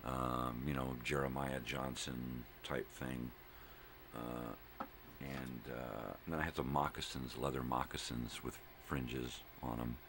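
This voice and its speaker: An older man hosting a morning vlog, chatting in a slow, drifting, rambling way, drowsy from cold medicine. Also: very deep voice, a bit bright, a little hiss or hum. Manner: slow, drifting, full of fillers and wordplay. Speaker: vlog host.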